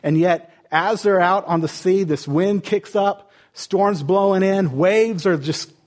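A man preaching a sermon as a pastor, retelling the story with lively rhetorical questions. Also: high-pitched, slow pace.

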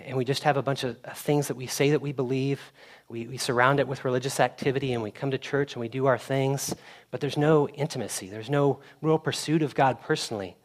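A young man preaching a sermon in a conversational way, getting animated when he tells a story. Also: medium pitch. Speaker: pastor.

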